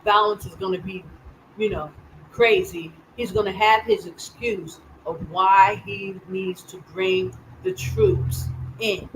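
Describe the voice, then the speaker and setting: Live-stream host, urgent and repetitive, medium pitch, faint background noise. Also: steady tone, takes it slowly, fairly bright tone, rough recording. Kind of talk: live news commentary.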